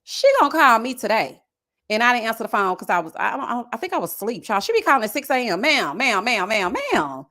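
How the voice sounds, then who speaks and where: This is a woman in her thirties with a Southern US accent, hosting a casual livestream. She chats straight to her viewers in a loose, slangy way. Her voice sits a little high and swings widely in pitch. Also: fast talker. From American South. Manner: chatty and animated, slangy, talks straight to viewers. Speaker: live-stream host. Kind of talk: casual live-stream chat reading comments.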